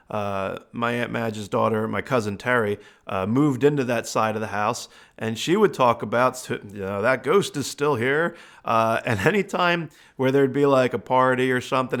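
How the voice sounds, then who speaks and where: A male host and medium tells a family story in a loose, conversational way. His voice sits at a middle pitch, and he fills his pauses with casual asides. It sounds like easygoing podcast talk. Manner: relaxed, chatty, with fillers like uh and you know.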